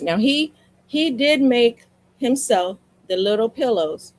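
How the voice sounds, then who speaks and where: A woman with a fairly high voice hosts her own live sales stream. She tells chatty stories at an unhurried pace and talks straight to her viewers, repeating lines for emphasis. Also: expressive, no room sound, rough recording. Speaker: livestream seller. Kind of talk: casual live stream chat. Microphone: streaming mic.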